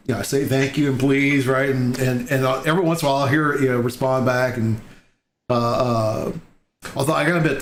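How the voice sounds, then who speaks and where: A man's voice: medium pitch, a little hiss or hum. A man hosting a casual interview on a video call, rambling through stories with many fillers. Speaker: host. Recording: echoey room with faint ambience.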